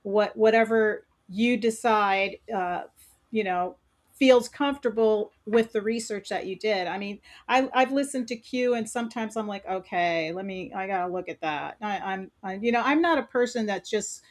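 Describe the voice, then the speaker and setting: A woman with a somewhat high voice hosts a casual interview. She chats easily and agreeably, sharing her own views with her guest. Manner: chatty, agreeable, quick to laugh along. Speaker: host.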